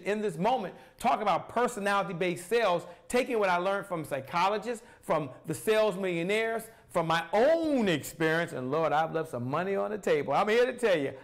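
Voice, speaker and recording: High-voiced energetic male sales coach. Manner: energetic, preachy, talks straight to the viewer with rhetorical questions. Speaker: sales coach and show host. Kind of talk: solo motivational sales talk to camera.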